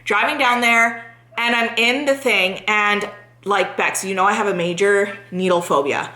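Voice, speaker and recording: Bright, animated young woman telling a story. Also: mid-range voice, roomy sound, poor audio. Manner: animated, swears freely, talks fast when anxious. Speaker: vlogger. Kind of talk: casual storytelling to friends.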